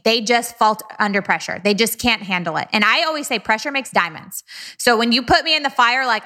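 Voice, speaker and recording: A woman hosts a casual interview, gushing and exclaiming as she responds to her guest. Her voice sits a little high and sounds bright and forceful. She keeps the chat friendly and conversational. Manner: effusive, exclaiming. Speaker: podcast host.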